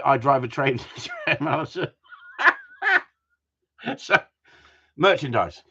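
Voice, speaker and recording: A man's voice: mid-range voice, slow, pauses often, a bit bright, slightly rough. A man hosting a live stream in a casual, jokey way, teasing viewers and reading their comments aloud. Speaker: host of a gundog group live stream. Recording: dull lo-fi sound.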